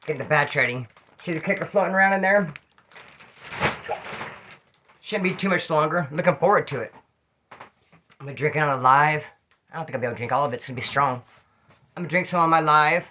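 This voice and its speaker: A middle-aged man telling rambling, slang-filled prison stories in a casual, animated way, a little tipsy. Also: on the high side, fairly quick, long pauses, slight background noise. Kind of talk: casual storytelling to camera.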